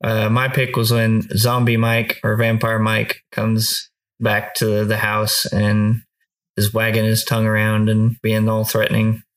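A man co-hosting a podcast, talking through a horror film in a steady, casual way and moving the show from one segment to the next. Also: on the low side, measured pace. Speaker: podcast co-host. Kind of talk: casual movie review chat.

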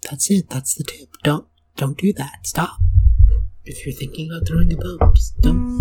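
Tired woman host, very husky and dark, deadpan outro. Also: low voice, normal speed, faint music behind, poor audio. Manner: dry, deadpan repetition. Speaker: podcast host. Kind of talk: casual show outro.

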